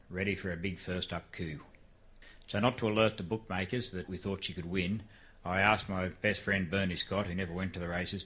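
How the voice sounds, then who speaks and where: Older man, Australian accent, bright forceful tone, folksy live storytelling. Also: deep voice. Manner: folksy, shifts into a frantic shouted race call. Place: live venue before an audience.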